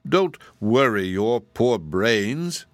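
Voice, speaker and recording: A man's voice: lowish voice, sing-song, extremely slow, no room sound, full character voice. A man voicing a huge, falsely sweet giantess witch who talks in a mocking, self-assured way for a storybook reading. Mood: scornful.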